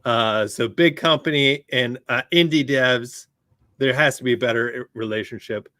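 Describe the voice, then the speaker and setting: A man co-hosting a podcast, speaking casually and haltingly with many pauses. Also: medium pitch, bright, forceful tone, no echo. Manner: hesitant, many ums and uhs. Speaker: podcast co-host. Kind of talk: casual chat.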